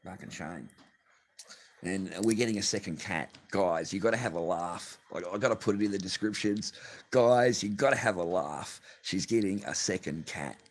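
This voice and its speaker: A man's voice: sits low, moderate pace. An Australian man vlogging from his garage, telling a rambling, swear-filled story with bursts of laughter. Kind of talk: casual profane rant to camera. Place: home garage.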